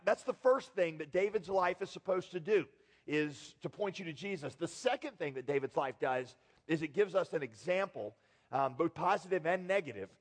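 A man with a high voice preaching a sermon to his congregation. He talks in a loose, conversational way, with lots of fillers and questions put to the crowd. His voice rings out with the long reverb of a large church hall. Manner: conversational, asks the audience questions, frequent fillers. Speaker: pastor.

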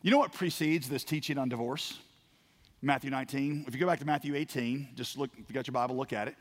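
A man preaching a sermon as a pastor, telling a parable with acted-out voices and swings from quiet to loud. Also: mid-range voice, fast. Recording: long hall reverb.

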